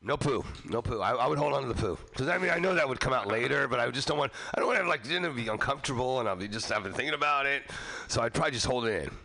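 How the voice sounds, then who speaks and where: A man's voice: medium pitch, expressive, racing, vocal fry, few pauses, bright, forceful tone. A man hosting a radio show, rambling through crude, jokey banter with a guest. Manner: rambling, jokey, puts on silly voices in quotes.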